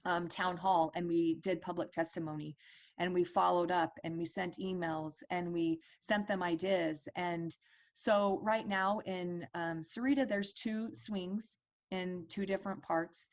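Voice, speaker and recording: A woman's voice: fairly low pitch, fairly even intonation, measured pace. A woman in her forties telling a personal story as a parent advocate, earnest and conversational with fillers and restarts.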